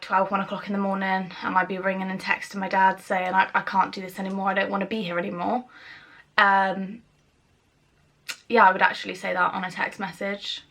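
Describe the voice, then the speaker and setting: Bright-voiced young woman vlogging candidly. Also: mid-range voice. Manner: chatty, rambling, fillers and self-interruptions. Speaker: YouTuber. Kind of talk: emotional personal vlog.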